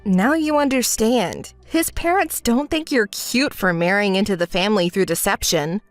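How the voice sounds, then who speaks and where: A woman narrating a texting story in a calm, dry, reproachful manner. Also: mid-range voice, moderate pace, no echo, faint music behind. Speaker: narrator voicing the calm friend.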